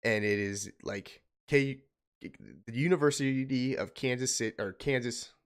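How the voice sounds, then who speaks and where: A young man streaming from home, telling an emotional personal story in a halting way, holding back tears. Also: mid-range voice, expressive. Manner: halting, restarting, choked up.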